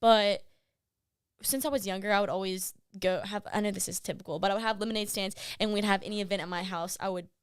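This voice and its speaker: A woman's voice: mid-range voice, fast, clean tone, no echo, clean studio sound. Young woman, upbeat. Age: 20s. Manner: relaxed, upbeat, lots of "um" and "right?". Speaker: guest, bakery owner. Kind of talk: casual interview answers.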